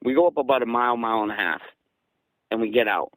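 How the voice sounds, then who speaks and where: A man from southeastern Massachusetts, a guest casually recounting events in an animated way and acting out the dialogue. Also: medium pitch, quick pace, no echo, poor audio. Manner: animated, acts out quoted dialogue. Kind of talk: casual storytelling.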